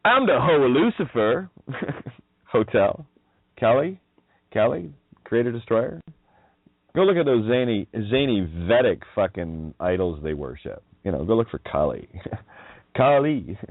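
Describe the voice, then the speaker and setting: A man with a low voice hosts a rambling radio monologue. He chuckles often and swears casually as he riffs on sounds and words. The audio is dry and narrow, like a phone call. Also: lively intonation, measured pace, long pauses, dry recording. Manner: rambling, laughing often, wordplay riffs, profane. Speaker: radio host.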